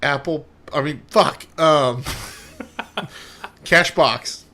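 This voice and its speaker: A man's voice: a little high, very slow, sharp tone. Swearing man cohosting a podcast. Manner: swears a lot, ribbing, stumbles over names. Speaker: podcast co-host. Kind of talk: crude casual chat.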